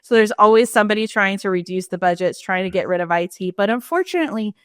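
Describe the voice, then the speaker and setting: A woman in casual podcast chat, her voice in the middle register. She retells scenes with lively energy and leaps high in pitch when she quotes characters. The sound is dry and close to the mic. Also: quick pace, dry recording. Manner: animated retelling, acts out quoted lines with big pitch jumps. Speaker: podcast co-host.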